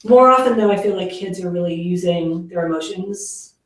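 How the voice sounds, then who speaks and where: A parenting educator talks casually to a workshop of parents, her fairly low voice moving at a moderate pace. She chats with plenty of fillers and acts out the lines she quotes. The mic sits far away in a very echoey room.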